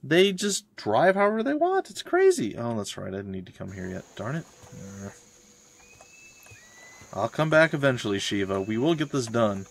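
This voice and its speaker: A man's voice: medium pitch, wildly swooping pitch, normal speed, vocal fry. A young adult man, rambling and ranting in casual chat while streaming a game. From Florida, USA. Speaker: let's play streamer.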